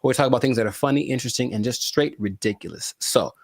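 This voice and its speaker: A male podcast co-host who chats in a joking, rambling way and keeps slipping into animated asides. His voice sits at an ordinary pitch. It is recorded close and dry, with no room sound. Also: fast, creaky, dry recording. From California. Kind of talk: casual podcast chat.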